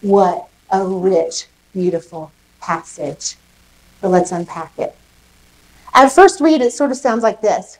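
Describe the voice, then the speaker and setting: A woman pastor preaching a sermon, lively and emphatic, putting questions to the congregation. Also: medium pitch, slow, rough recording. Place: church service in a rec center.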